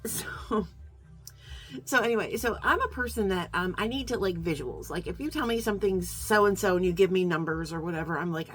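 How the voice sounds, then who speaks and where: A woman's voice: fairly low pitch, brisk, a bit bright. A middle-aged woman vlogging in a casual, heartfelt chat to her viewers, rambling with lots of fillers and restarts and getting slightly emotional. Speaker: beauty vlogger.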